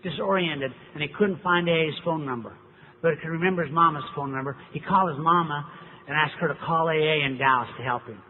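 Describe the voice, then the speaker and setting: A man's voice: on the high side, fast talker. A middle-aged man, speaking at a recovery meeting and telling his story with wry rhetorical questions. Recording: tinny, echoey hall recording with faint hiss.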